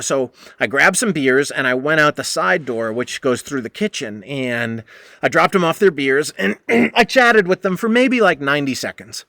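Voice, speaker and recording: A man's voice: fairly high pitch, sharp tone, no room sound, studio quality. A man hosting a podcast, telling a long rambling story in a casual, profane way and acting out the exchanges he quotes. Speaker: podcast host.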